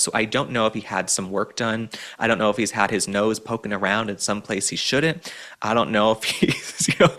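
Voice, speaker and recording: A man's voice: mid-range voice, fairly bright tone. A man from Dallas runs his commentary monologue with a mid-range voice. His delivery is sarcastic and theatrical, packed with mocking asides. He sounds opinionated and showy throughout. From Dallas, Texas. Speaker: political commentary host.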